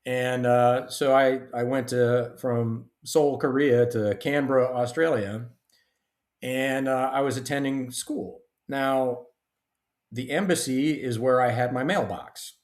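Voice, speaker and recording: A middle-aged man, a guest author and retired army officer, telling stories in a lively, casual way. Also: medium pitch, takes it slowly. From United States. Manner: animated storyteller, acts out dialogue. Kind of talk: casual storytelling interview. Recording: roomy echo.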